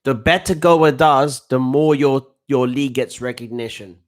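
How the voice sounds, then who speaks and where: A man's voice: medium pitch, normal speed. A man giving a casual, rambling live reaction to a football match as a coach, full of restarts and slang. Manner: excitable, rambling, with frequent restarts and slang like "bruv".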